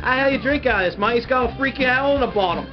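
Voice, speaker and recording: A man's voice: extremely high pitch, rapid-fire. A man, a guest driver joking through comedic banter in heavy slang. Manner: jokey, laid-back, heavy slang. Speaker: guest race team driver. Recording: dull lo-fi sound with music behind.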